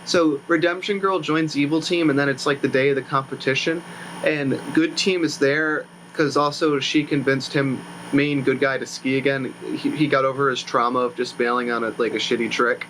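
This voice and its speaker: A man's voice: medium pitch, steady tone, moderate pace, fairly bright tone, slight background noise, low-quality recording. Rambling young man recapping a movie. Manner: rambling, self-correcting, sarcastic. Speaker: YouTuber reviewing a movie. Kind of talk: casual rambling commentary.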